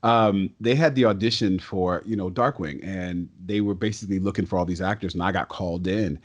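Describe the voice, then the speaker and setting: A man with a lowish voice tells stories as a podcast guest. He is talkative and excitable, with quick bursts and frequent restarts. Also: highs cut off. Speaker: guest, stage and voice actor. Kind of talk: casual podcast interview storytelling.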